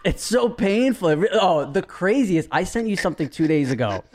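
A man's voice: high voice, very animated, normal speed, a little mellow. A man chatting as a podcast guest, ranting and mocking with plenty of swearing. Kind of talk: casual chat.

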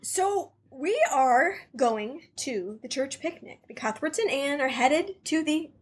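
A woman's voice: high-pitched, slight background noise. A middle-aged woman co-hosting a podcast, chatting casually and laughing often as she recaps a show. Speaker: podcast co-host.

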